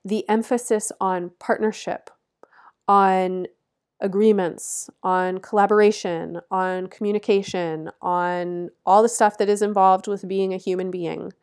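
A woman's voice: mid-range voice, steady tone, a little slow, clear, resonant tone. A woman astrologer giving an astrology forecast, earnest and encouraging, stressing her points with repeated instructions and laughing lightly between phrases.

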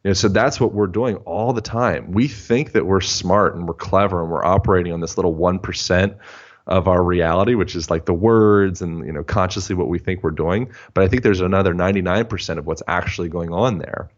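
Man, very low voice, rambling guest, dull lo-fi sound. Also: brisk. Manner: rambling, thinking aloud with many restarts. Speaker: movement expert guest. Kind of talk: casual interview chat.

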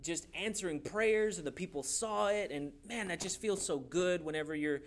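A man's voice: high voice, moderate pace. A young adult man preaching a sermon, telling stories with playful put-on voices. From grew up in a Hispanic church community. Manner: animated storytelling with playful voices. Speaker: pastor.

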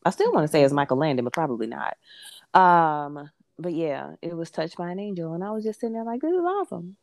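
A woman's voice: sits low, fast talker, creaky, a little mellow, no echo, studio quality. A woman co-hosting a podcast, chatting in a sassy, playful way with many hums of agreement. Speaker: podcast co-host. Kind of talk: casual chat.

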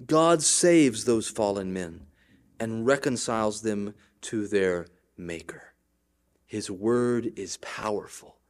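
A male pastor preaching a sermon, with wide swings between loud declarations and quiet asides, often checking in with the congregation. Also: fairly high pitch.

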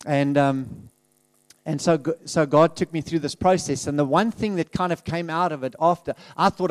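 Middle-aged preacher, slightly high voice, dry close sound; candid, chatty church testimony with frequent laughs and restarts. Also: male voice, moderate pace, no room sound. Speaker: guest speaker in a church. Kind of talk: conversational testimony sermon.

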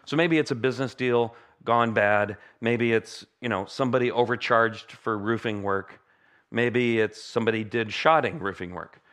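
An American pastor at mid pitch, leading an earnest prayer and then preaching with a relaxed, conversational delivery. He mixes careful explanation with wry humorous asides. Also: normal speed. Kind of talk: sermon with opening prayer.

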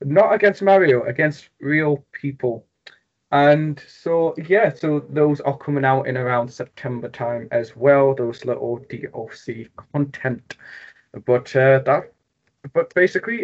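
Young Geordie man, jokey podcast co-host, slightly muffled lo-fi audio. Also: medium pitch. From North East England. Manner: jokey, quick, rambling with fillers. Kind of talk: casual gaming podcast chat.

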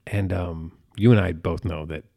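A man's voice: deep voice, steady tone, moderate pace, creaky, mellow, no echo, studio quality. A man in his thirties co-hosting a podcast in casual chat, crude and joking, slipping into goofy impressions. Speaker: podcast co-host.

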